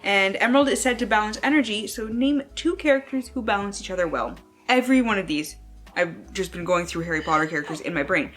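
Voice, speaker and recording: A young woman talks casually at home for her book channel, excitable and swearing freely. Her pitch jumps around a lot as she talks. Soft music plays faintly behind her. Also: fast talker. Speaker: book vlogger. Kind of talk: casual chat.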